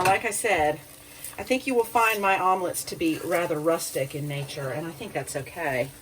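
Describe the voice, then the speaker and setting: A woman's voice: lowish voice, recorded from a distance. A self-deprecating woman walks viewers through a recipe at her stove, her voice rising and falling a lot as she chats. She sits a bit back from the mic, and a faint hum of the kitchen hangs behind her. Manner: chatty, self-deprecating, talks to viewers directly. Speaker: cooking show host. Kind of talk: home cooking demonstration. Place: home kitchen.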